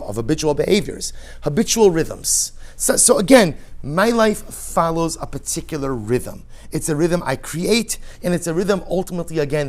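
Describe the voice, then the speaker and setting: Animated rabbi giving a sermon. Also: male voice, fairly high pitch. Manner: animated, rhetorical questions, mixes Hebrew phrases.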